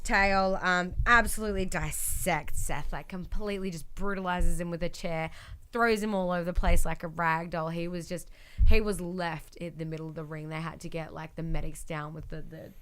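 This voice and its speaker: A woman's voice: fairly low pitch, fairly even intonation, normal speed, fairly bright tone, clean tone. A woman co-hosting a podcast, chatting casually as she recaps a wrestling show and acts out the quotes with lots of fillers. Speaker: podcast co-host.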